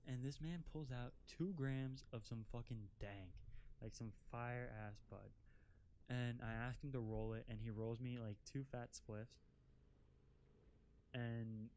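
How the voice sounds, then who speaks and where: A young man spins a loose, profane story for his viewers. His voice sits at an ordinary male pitch. Fillers like "like" and "right?" crowd every sentence. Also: steady tone, slow pace, mellow, slight background noise. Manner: rambling, profane, filler-heavy with constant "like". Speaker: vlogger. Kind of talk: casual storytime. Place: outdoors while driving an off-road vehicle.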